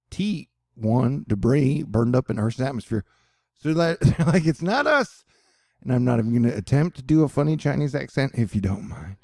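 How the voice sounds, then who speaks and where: A man's voice: mid-range voice, warm tone, no room sound, studio quality. A man reading and joking through a news story in a casual commentary, rambling into asides.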